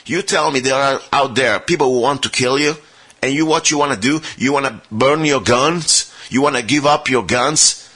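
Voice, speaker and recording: Male radio host, mid-pitch, bright and a bit husky; argumentative and rhetorical. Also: normal speed. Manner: argumentative, rhetorical, addresses listeners directly. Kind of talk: talk radio monologue.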